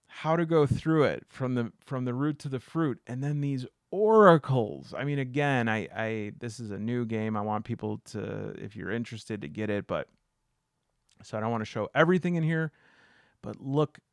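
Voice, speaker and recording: A man talking casually to camera about solo tabletop games, animated and rambling, with many fillers and restarts and acted-out asides. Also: medium pitch, no echo, studio quality. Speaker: solo tabletop game video host.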